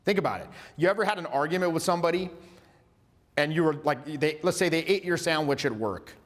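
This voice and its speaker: Male coach, 40s, pitched a bit high, casual animated workshop delivery with swearing, recorded with long hall reverb. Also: fast. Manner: animated, acts out little dialogues, casual swearing. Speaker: social skills coach. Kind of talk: workshop lecture.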